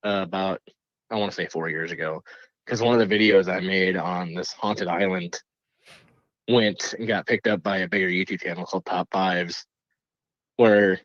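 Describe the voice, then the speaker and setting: A man's voice: deep voice, no room sound, highs cut off. A man, a guest on a podcast who makes paranormal videos, telling stories in casual chat and laughing often. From Black Hills area, USA. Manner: animated storyteller, laughs often.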